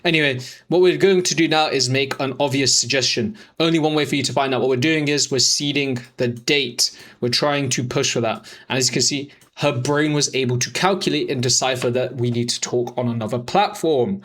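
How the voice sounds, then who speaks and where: A young man coaching as a dating expert, talking over chat screenshots in a mocking, profane, rapid-fire way. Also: medium pitch, a bit bright.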